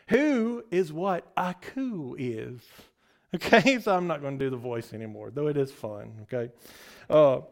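A man preaching in a casual, conversational way, with a high voice that swings widely up and down. He takes his time, keeps asking his listeners "okay?" and laughs often. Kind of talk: casual sermon to a congregation.

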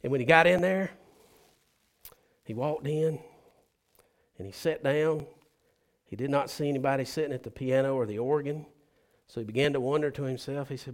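A man, a pastor telling a story in a sermon and acting out its people with sudden loud, high bursts. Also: normal speed, long pauses.

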